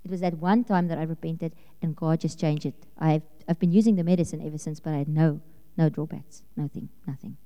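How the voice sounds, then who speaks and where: A woman giving an animated sermon testimony, telling her story with frequent laughter to a congregation in a church hall. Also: low-pitched, a little fast, dull audio. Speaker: preacher. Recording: long reverb of a large hall.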